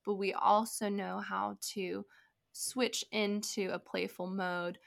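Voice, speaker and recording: Woman podcast co-host, slight gravel, chatty storyteller, lots of "like". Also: medium pitch, slow pace. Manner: animated storytelling, many "like" fillers. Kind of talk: casual conversation.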